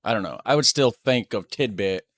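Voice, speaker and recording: American man, casual reaction talk, relaxed, chatty, dry close-miked sound. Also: lowish voice, normal speed, no echo. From United States. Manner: relaxed, chatty, laughs often. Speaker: YouTube reactor.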